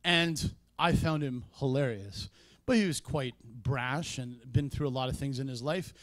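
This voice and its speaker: A man preaching a sermon in a church, conversational in tone, with sudden loud emphatic peaks. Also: medium pitch, a little slow, dry recording. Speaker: pastor.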